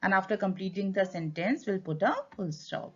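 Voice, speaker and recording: A woman's voice: medium pitch, moderate pace, slightly rough. Indian english lady teacher doing a grammar class, stretches key words, kinda muffled lo-fi sound. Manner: switches to Hindi to explain. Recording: dull lo-fi sound.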